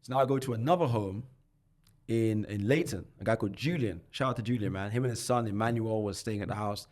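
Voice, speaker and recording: A London man in his twenties tells his life story as a podcast guest, animated and heavy on slang, often restarting and repeating words. His voice is lowish and he talks fast.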